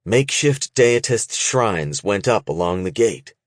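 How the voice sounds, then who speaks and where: With a voice on the low side, a man gives a measured, expressive reading of a scripted audiobook. The clean studio recording has no echo.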